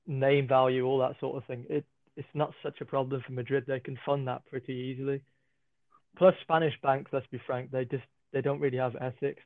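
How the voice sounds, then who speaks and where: A British man with a middle-pitched voice talks through his view on a casual sports podcast, dry and sure of himself. His voice comes over a tinny, phone-like remote connection, close and free of room echo. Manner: dry, opinionated, explanatory. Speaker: podcast co-host.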